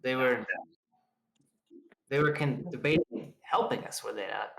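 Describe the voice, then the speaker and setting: A man's voice: medium pitch, a little slow, creaky. Hesitant man in an echoey room. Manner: hesitant, repeats words. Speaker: player. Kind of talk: in-character tabletop role-play.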